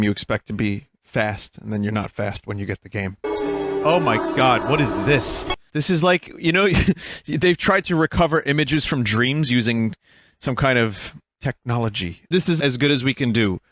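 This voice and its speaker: A man in his thirties, a streamer giving casual, profane and excitable reaction commentary, laughing often. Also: mid-range voice, moderate pace, background noise.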